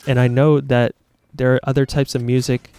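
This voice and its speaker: A man's voice: mid-range voice, flat delivery, normal speed, darkish tone. Earnest, rambling male YouTuber. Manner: earnest, rambling and self-critical. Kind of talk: casual reflective monologue.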